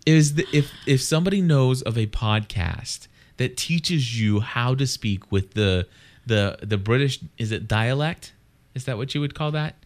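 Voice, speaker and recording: A man's voice: mid-range voice, animated, measured pace. A man hosting a podcast, chatting casually and rambling with many restarts and fillers. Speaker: podcast host. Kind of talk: casual chat.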